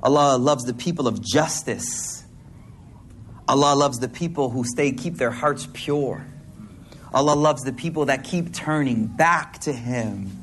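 A man's voice: mid-range voice, unhurried, a bit bright, a little hiss or hum. A man preaching a sermon to a congregation in a hall, talking in a casual, slangy way with playful asides.

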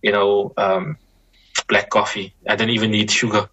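A man, speaking as a Muslim scholar guest in a reflective conversation, measured and repeating words as he thinks. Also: on the low side, level tone, bright, forceful tone, breathy edge, lo-fi sound.

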